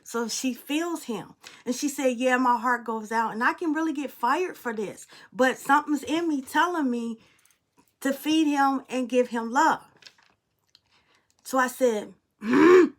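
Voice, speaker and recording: A high-pitched woman talks casually as a tarot reader and medium. She is blunt and emphatic, and drops swear words freely. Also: measured pace, a bit bright. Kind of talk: casual spiritual storytelling and tarot reading.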